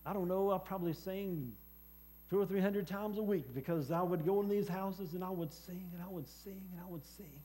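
Man, preacher, high voice, mellow tone, halting delivery, lots of fillers and restarts. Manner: halting, repeats words with many fillers. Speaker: preacher and former hospice chaplain. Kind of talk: personal testimony sermon.

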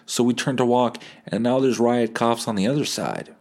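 A man's voice: low-pitched, fairly quick, gravelly, hardly any pauses. A man hosting a podcast, telling a profane, laughing story from his bed and acting out the people in it. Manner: profane, laughing, animated anecdote with voice impressions. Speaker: podcast host. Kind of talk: casual storytelling.

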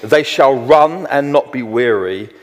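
A middle-aged man preaching a sermon, slowing down to read scripture verses with weight and emphasis. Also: mid-range voice, lively intonation. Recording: long hall reverb.

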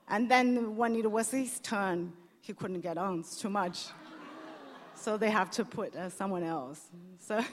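A woman panelist explaining how a dating show works, talking in halting bursts with many restarts. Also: fairly low pitch. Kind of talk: panel discussion. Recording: echoey hall on stage.

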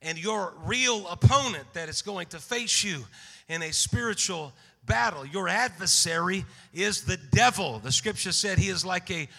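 A man preaching a sermon in a church, rising from steady teaching into fervent shouted exhortation. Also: high-pitched, moderate pace, creaky. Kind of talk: Pentecostal-style sermon. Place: church sanctuary. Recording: long hall reverb.

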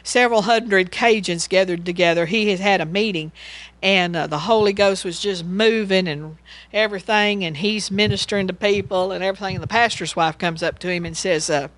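A woman's voice: mid-range voice, fairly quick, no room sound. Chatty woman teaching the Bible, dry sound. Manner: chatty, rambling, laughs while telling stories.

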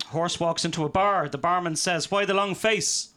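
A man performing a live stand-up set of deadpan one-liners in a comedy venue. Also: high voice, moderate pace.

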